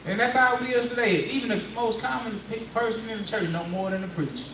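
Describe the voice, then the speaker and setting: A man with a high voice preaches in a loose, conversational call-and-response style and keeps prodding a Bible reader. His voice comes from a distance in an echoey room, with a faint room hum behind it. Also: fast talker, fairly bright tone. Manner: conversational, prodding, repeats phrases.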